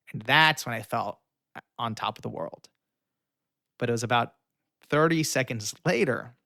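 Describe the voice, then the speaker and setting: A young man tells a story as an interview guest, animated and quick to act out the voices of the people in it. His voice sits at a middle pitch. The sound is dry and close, with no room around it. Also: vocal fry, dry recording. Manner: animated storyteller, acts out quoted lines.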